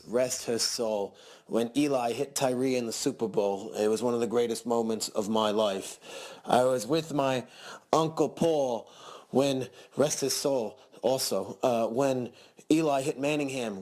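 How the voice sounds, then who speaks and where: A heartbroken fan calls in, as a man acts him out, mournful and choked up. His accent wanders all over the place in a mid-pitched voice. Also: a little slow, a little mellow, lightly acted. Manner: mournful, accent drifting around. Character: weepy middle-aged male fan caller, shifting accents. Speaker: caller.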